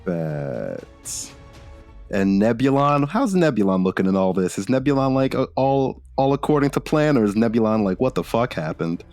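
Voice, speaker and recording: A man's voice: mid-range voice, sing-song, moderate pace, a little mellow, soft background music. A man playing a tabletop game in a laid-back way, cursing casually. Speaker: player.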